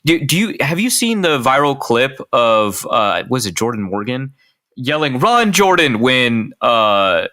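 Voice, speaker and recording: A man co-hosting a podcast, talking through football plays in an animated, self-interrupting way and laughing at his own jokes. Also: mid-range voice, unhurried. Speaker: podcast co-host. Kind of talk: casual sports analysis chat.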